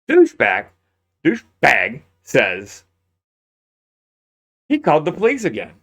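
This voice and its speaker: Talking close to a peaking mic, a man delivers sarcastic, incredulous commentary on a crime case and laughs often. His voice is slightly high and a little bright.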